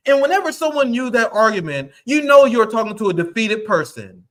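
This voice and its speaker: A man's voice: very high-pitched, very animated, fairly quick, fairly bright tone. A man hosting a livestream, delivering angry, profane commentary in a heated rant. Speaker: livestream host.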